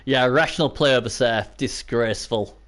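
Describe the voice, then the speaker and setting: A man casting a video game match live, hoarse and losing his voice, chatting to viewers and breaking into excited yelps. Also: moderate pace. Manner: excitable, bursts into high yelps and cheers; chatty, talks to viewers and chat by name. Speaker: live stream commentator. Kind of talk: casual video game commentary.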